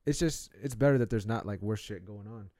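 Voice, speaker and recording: A man's voice: lowish voice, brisk, dry recording, clean studio sound. A man hosting a live streamed podcast in casual chat, loose and slangy, talking to a microphone. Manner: loose, animated, slangy, swears.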